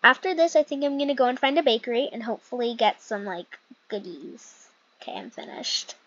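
A woman's voice: a little high, animated, a little fast, fairly bright tone, no room sound. Chatty young woman gaming vlogger. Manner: chatty, rambling, self-correcting. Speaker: gaming channel host. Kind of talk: casual game role-play commentary. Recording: dull lo-fi mic.

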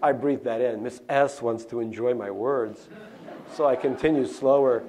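A middle-aged man from Russia reads his own memoir aloud in a lecture hall. His delivery is wry and deadpan, and he drops in offhand spoken asides. His voice sits at an ordinary middle pitch. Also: a little fast. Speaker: author.

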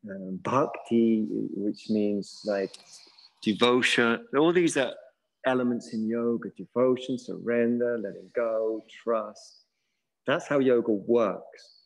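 A man's voice: mid-range voice, slow pace, poor audio. Man leading a yoga class. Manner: relaxed, musing, with chuckles. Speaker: yoga teacher. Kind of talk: guided yoga class instruction.

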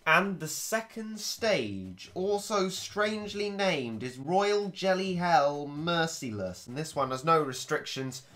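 A man's voice: fairly high pitch, animated, slow, hardly any pauses, fairly bright tone. A man giving gameplay commentary, thinking aloud in a chatty way and breaking into playful exclamations. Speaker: video game commentator.

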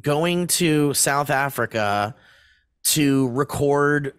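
A man's voice: fairly high pitch, drawn-out words, a bit bright, clear, resonant tone, no echo, clean studio sound. A man in his thirties co-hosting a podcast, rambling through a casual story with plenty of swearing and laughter. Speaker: podcast co-host. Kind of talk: casual chat.

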